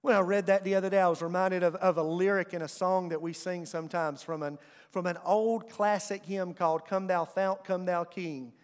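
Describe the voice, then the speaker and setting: A man's voice: high-pitched, fairly even intonation, normal speed. A man preaching a sermon as pastor, emphatic and calling on the congregation to answer him. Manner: emphatic, calls on the congregation to respond. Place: church sanctuary. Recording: long church hall reverb.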